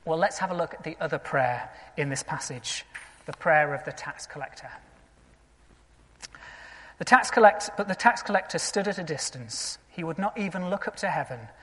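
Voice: mid-range voice, lively intonation, moderate pace, fairly bright tone, long reverb tail. A pastor preaching a sermon in an earnest, conversational way, often asking the congregation rhetorical questions.

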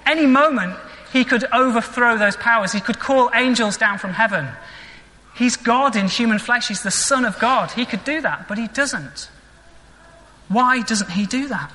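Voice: medium pitch, bright, forceful tone. A vicar preaching a sermon in an earnest, reflective way, asking rhetorical questions. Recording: long echoing church reverb.

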